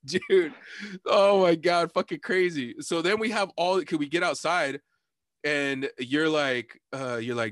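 A man telling a rowdy night-out story in casual chat, swearing and quoting people in sudden high voices, laughing often. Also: unhurried, no echo, clean studio sound. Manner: animated storytelling, swearing, quoting people with big pitch jumps.

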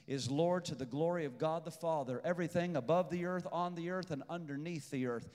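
A pastor delivers a sermon in a slightly high, brisk voice with big-room sound. He swings between shouted peaks and hushed intensity, repeating phrases for emphasis.

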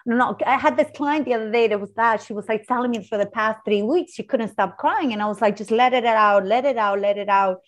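A woman's voice: on the high side, a little fast, few pauses. A woman hosting a casual conversation who chats freely, laughs often and retells little stories with quoted dialogue. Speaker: host, coach with clients.

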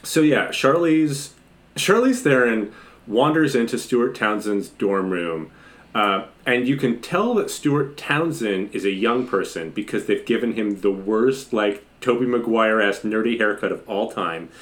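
A podcast co-host riffing on a movie in casual chat, sardonic and profane, with sudden jumps into a higher voice when excited. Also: unhurried.

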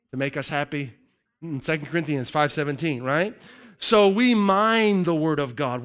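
A man preaching a sermon to his congregation in an energetic, joking way that keeps calling out to the crowd. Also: a little high, clear, resonant tone. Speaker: pastor.

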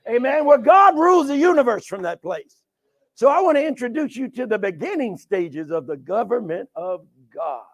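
High-voiced preacher, shouting and hushed by turns. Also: male voice, sing-song, moderate pace. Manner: emphatic, swings from sudden shouts to hushed asides. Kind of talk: sermon with call and response.

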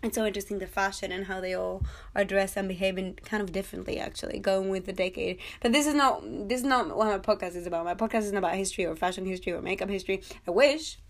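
A young woman in her twenties hosts a casual TV review podcast. She is chatty and excitable, jokes around and addresses her listeners directly as if they were guests at a party. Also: medium pitch, fast. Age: 20s. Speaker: podcast host.

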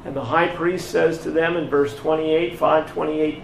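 A man preaching a sermon, retelling a scripture story slowly and emphatically, acting out the exchanges between its characters. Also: a little high, fairly even intonation, gravelly, far from the mic, a little hiss or hum. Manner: slow, emphatic storytelling with voiced dialogue. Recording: echoey room picked up from afar.

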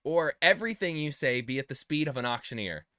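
A man's voice: medium pitch, expressive, fairly quick, pushed and bright, no room sound, studio quality. A man hosting a casual podcast, upbeat as he runs the segments and laughs along. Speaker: podcast host. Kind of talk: casual chat.

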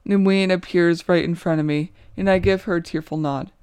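A woman's voice: fairly low pitch, fairly even intonation, moderate pace, darkish tone, clean tone, dry recording. A young woman reading her own short story aloud in the first person, with an earnest, emotional, inward delivery.

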